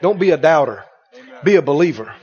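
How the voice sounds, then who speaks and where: A man's voice: on the high side, lively intonation, a little fast, darkish tone, breathy edge. A man preaching a sermon, acting out scripture voices and firing rhetorical questions at the congregation. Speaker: pastor. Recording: dull sound with long hall reverb.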